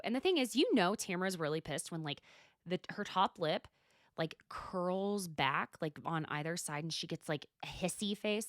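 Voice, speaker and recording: A woman hosting a podcast, chatting casually on her own, swearing freely and tossing in quick asides. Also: fairly low pitch, animated, no room sound, studio quality. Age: adult, mother. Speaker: podcast host. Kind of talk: casual solo recap chat.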